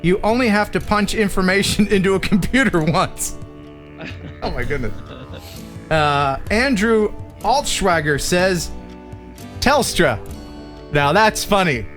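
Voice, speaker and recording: A man's voice: high voice, expressive, slow, long pauses, fairly bright tone, soft background music. An American man hosting a casual live stream, reading out viewer jokes and laughing often.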